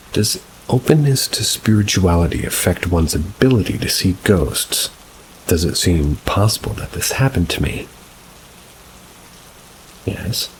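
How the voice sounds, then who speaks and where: Man, very deep voice, measured storyteller narration, steady rain in the background. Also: slight background noise, low-quality recording. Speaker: narrator of paranormal stories. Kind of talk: scripted narration of reader-submitted stories. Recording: rain sounds mixed behind the voice. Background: steady rain ambience.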